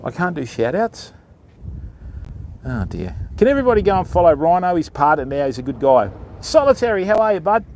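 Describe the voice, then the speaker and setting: A man's voice: a little high, sing-song, brisk, noisy background. A man with an Australian accent hosting a live beach-fishing stream outdoors, chatting to viewers and explaining his rigs. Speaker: fishing livestream host. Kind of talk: casual live-stream commentary.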